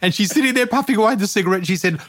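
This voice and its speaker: A middle-aged man, a podcast guest telling lively stories and acting out the voices in them. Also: high voice, racing, heavy background noise. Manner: animated storyteller, acts out voices, laughs often. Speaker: guest, spiritual teacher. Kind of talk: storytelling in a podcast chat.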